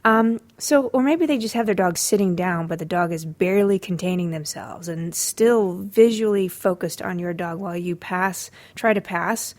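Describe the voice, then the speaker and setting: A woman's voice: lowish voice, moderate pace, hardly any pauses, darkish tone. A woman hosting a dog training podcast, talking casually with sarcastic asides and frequent fillers. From Los Angeles area.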